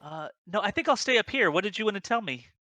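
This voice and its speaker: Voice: medium pitch, lively intonation, quick pace, sharp tone, no room sound, voice pushed up. A tabletop game master voicing a timid young female lookout who stammers and pleads. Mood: evasive.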